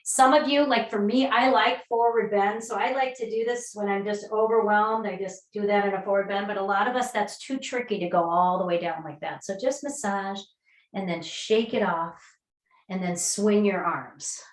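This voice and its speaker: A woman leading an online mindful movement and breathing class, guiding gently and slowly with soft breathy cues, over a video call. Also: mid-range voice. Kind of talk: guided movement and breathing lesson.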